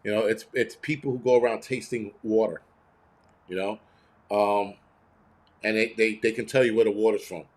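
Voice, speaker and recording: A man's voice: on the low side, steady tone, moderate pace, long pauses. A man in his fifties hosting a casual livestream, rambling and sarcastic with constant swearing. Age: 50s. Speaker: livestream host.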